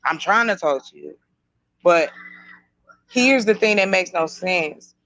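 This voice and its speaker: A woman's voice: on the low side, animated, slow, a bit bright, no echo, poor audio. A woman co-hosting a podcast discussion, talking in an earnest, questioning way. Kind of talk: casual discussion.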